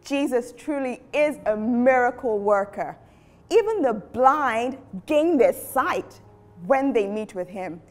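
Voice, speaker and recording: A woman's voice: fairly high pitch, animated, takes it slowly, a little mellow. A woman host speaking with enthusiasm to children and leading them in prayer.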